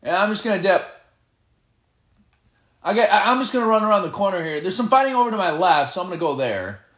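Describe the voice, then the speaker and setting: A man giving live gameplay commentary, excitable and playfully boastful as he trash-talks. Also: high-pitched, quick pace, echoey room. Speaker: gamer.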